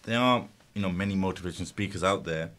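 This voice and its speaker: A man hosting a radio interview, asking short, soft-spoken questions. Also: deep voice, fast talker. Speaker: radio host.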